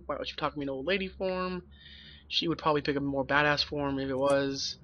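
A man's voice: mid-range voice, flat delivery, fairly quick, a bit bright, muffled recording. Sweary, sarcastic young man gaming. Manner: joking, swears often, rambling. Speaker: let's play gamer. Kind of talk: profane sarcastic game commentary.

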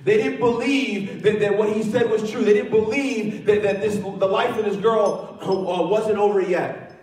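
High-voiced preaching man in an echoey hall. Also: steady tone, unhurried, a little mellow. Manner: earnest preaching with repeated phrases and restarts. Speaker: pastor. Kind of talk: sermon. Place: church sanctuary. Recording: echoey church hall, mic at a distance.

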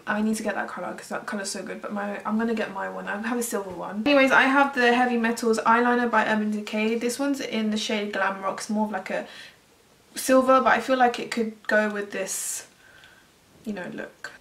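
A woman's voice: mid-range voice, fairly even intonation, a little fast, gravelly, a bit bright. A young woman vlogging her makeup in a chatty, casual way while commenting on a tutorial. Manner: chatty, comments on a video as she goes. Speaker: beauty vlogger. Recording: echoey room, distant mic, faint noise.

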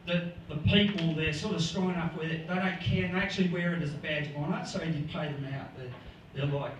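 A man's voice: a little high, brisk, highs cut off. Laughing Australian man doing stand-up. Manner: rambling, laughs at own jokes. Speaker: stand-up comedian. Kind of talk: stand-up set. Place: comedy club stage. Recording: echoey room, far mic, noisy.

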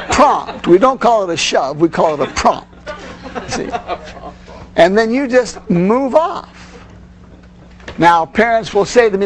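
Male parenting instructor, high-pitched, earnest lecture delivery, faint hum behind. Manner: earnest, with frequent "you see".

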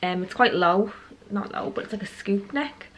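A young woman, chatting casually to camera in a home vlog, rambling a little as she goes. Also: normal speed. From Ireland. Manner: chatty, rambling, talks to her dog in a high cooing voice. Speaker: vlogger. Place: at home indoors.

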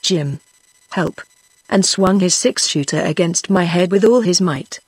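Husky British synthetic woman narrator. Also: on the low side, normal speed, no room sound. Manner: even, steady machine-read delivery. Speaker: audiobook narrator. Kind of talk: synthetic audiobook reading.

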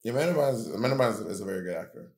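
A laid-back man co-hosting a podcast, his low voice gravelly with fry. The room rings with echo around him as he chats casually and reads off names. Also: expressive, racing, darkish tone. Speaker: podcast co-host. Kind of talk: casual chat.

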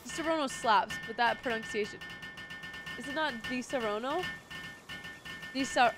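Excitable, foul-mouthed woman streamer. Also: a little high, moderate pace, long pauses, over music. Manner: excitable and profane, swings to squealing over cute things. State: sore throat. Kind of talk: casual live-stream chat while gaming.

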